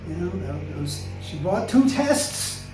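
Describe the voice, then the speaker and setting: A man in his sixties from the United States, telling stories in a relaxed interview, chatty and laughing easily. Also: a little high, slow, over music. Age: 60s. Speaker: guest. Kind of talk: casual interview storytelling. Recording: roomy, distant mic.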